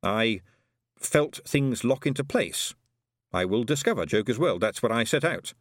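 A man voicing a determined young man who speaks earnestly and deliberately. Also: medium pitch, lively intonation, no echo, clean studio sound.

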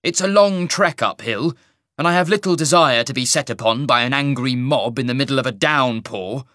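A man voicing a bitter, sharp-tongued male half-mage who speaks in a snarling, sardonic way. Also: medium pitch, normal speed, no room sound, clean studio sound, pitched above the performer's own voice, natural voice. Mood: irritable.

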